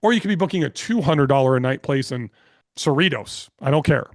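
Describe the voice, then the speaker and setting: A man's voice: medium pitch, fairly quick, dry recording. Guy on a podcast telling stories, blunt, swears a lot, dry close sound. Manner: energetic, blunt, swears freely. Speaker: podcast guest, real estate investor. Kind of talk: casual interview storytelling.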